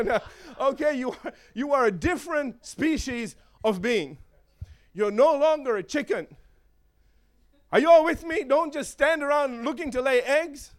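A man preaching a sermon in an animated way, with joking asides and chuckles. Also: extremely high pitch.

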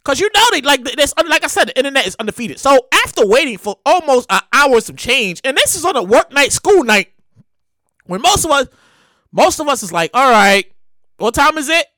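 High, lively, excitable man. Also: no echo. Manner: loud, excitable, drawn-out exclamations; slangy casual talk. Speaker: commentator. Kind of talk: animated casual commentary.

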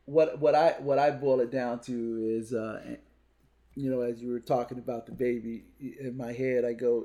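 A mid-range, warm voice with a flat delivery comes at normal speed from a man who speaks at schools as a motivational speaker. On this podcast chat he mixes storytelling with punchy lines he repeats.

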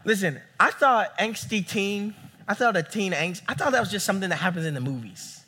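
A young man preaching a sermon as a campus pastor, animated and acting out the people he quotes. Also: sits high, fairly quick, a little hiss or hum. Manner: animated, acts out quoted voices.

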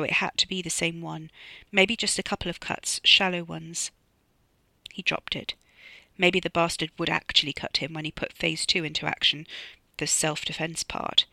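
An author narrates their own dark comic thriller in a measured, steady way. The tone is bright and forceful, and the recording is dry and close with no room sound. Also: mid-range voice, vocal fry, no echo. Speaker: author reading own novella. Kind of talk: audiobook narration.

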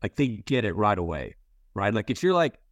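Male interviewer, low voice, rambling and candid, dry close sound. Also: big pitch swings, moderate pace, dry recording. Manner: rambling, full of "you know" and restarts; candid, swears casually. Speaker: interviewer, playwright and actor. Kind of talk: casual interview talk.

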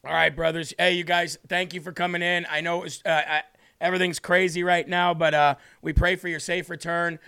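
A man's voice: on the high side, flat delivery, fairly quick, gravelly, bright, forceful tone, clear, resonant tone. A man hosting a live-streamed political talk show, fiery and indignant, repeating himself and reading chat comments aloud.

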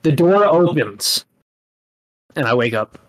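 A man co-hosting a casual podcast, telling a long story in a halting, rambling way and laughing as he goes. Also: a little high, lively intonation, poor audio. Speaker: podcast co-host. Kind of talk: casual chat.

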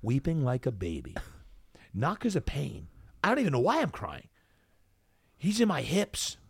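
A man's voice: medium pitch, moderate pace, vocal fry, husky, no echo, studio quality. A middle-aged man from New Jersey, a fitness coach guest on a podcast, telling a personal story with lots of energy and acting out the dialogue. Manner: animated, acts out quoted dialogue.

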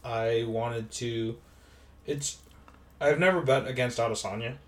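A man's voice: medium pitch, fairly even intonation, unhurried, fairly bright tone. A man in his twenties co-hosting a podcast, easygoing and steering the chat from one segment to the next. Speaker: podcast co-host. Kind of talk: casual chat about fight betting. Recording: voice a bit distant from the mic.

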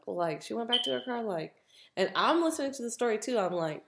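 A woman's voice: fairly high pitch, lively intonation, quick pace, slight background noise. A woman co-hosting a podcast, casually retelling a story with plenty of swearing. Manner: profane, chatty retelling of a relative's story. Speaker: podcast co-host. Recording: echoey room.

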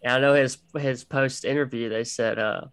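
A man's voice: mid-range voice, steady tone, moderate pace, a bit bright, clean tone, no echo. A man co-hosting a casual podcast, trading laughing, profane banter. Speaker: podcast co-host. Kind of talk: casual chat.

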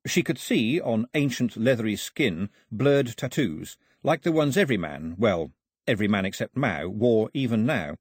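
A man narrating an audiobook in a measured storytelling manner. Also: on the low side, animated, slightly rough, dry recording, clean studio sound. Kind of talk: scripted narration.

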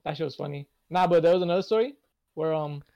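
A man's voice: a little high, fast, creaky, no echo, lo-fi sound. A young man co-hosting a casual podcast, telling rambling stories and swearing a lot. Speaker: podcast co-host.

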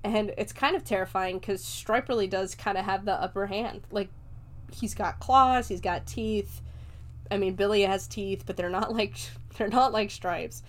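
A woman's voice: mid-range voice, a little slow. A woman recapping a movie in a casual chat, loose and talkative, leaning on "like" fillers and laughing often. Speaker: movie reviewer.

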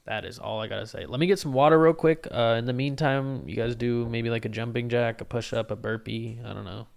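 A man hosting a podcast, telling a rambling, profane and excitable story about an open mic. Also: medium pitch, brisk, vocal fry. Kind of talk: casual podcast monologue.

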